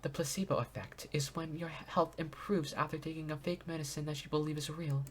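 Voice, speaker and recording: A man voicing a refined young woman who explains things softly and formally in a game. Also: a little high, fairly quick, slight background noise, pitched above the performer's own voice, close to an everyday voice. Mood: explaining.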